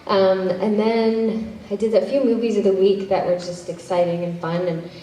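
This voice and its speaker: At a convention panel, an actress and director takes fan questions, chatting, cutting herself off, and laughing easily. Her voice is mellow and medium-pitched, with fairly even intonation at a normal speed. The recording picks her up from far away in an echoey hall, with faint noise.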